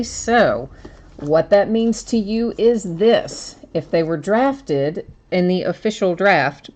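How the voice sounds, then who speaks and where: A woman's voice: lowish voice, a little mellow. A woman hosting a live card break stream, chatting casually with viewers, greeting them by name and laughing easily.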